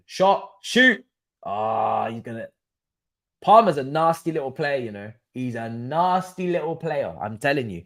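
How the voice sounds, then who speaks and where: Young man, football streamer, casual and sweary, mutters then rants. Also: mid-range voice. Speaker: streamer hosting a football watchalong. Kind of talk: casual live-stream chat.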